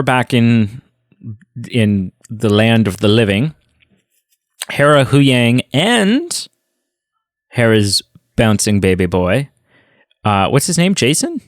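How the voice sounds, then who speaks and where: A man talks casually on a podcast, recapping an episode with loose asides and fillers. His voice sits at a middle pitch. The sound is dry and close to the mic. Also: dry recording. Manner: chatty, lots of fillers and retellings. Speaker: podcast host. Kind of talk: casual film review chat.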